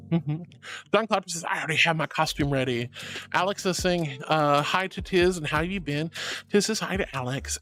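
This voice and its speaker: Woman streamer chatting with viewers, voice swoops way up and down, bit of music playing behind. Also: fairly quick. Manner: animated, swoops between soft low musing and high squeals. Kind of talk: casual chat, reading chat aloud.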